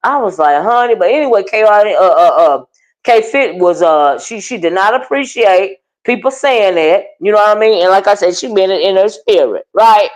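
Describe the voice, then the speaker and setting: With a mid-range voice and a moderate pace, this commentary channel host is captured on a poor-quality recording. She keeps things casual and animated, reacting to online drama and calling out her live viewers by name.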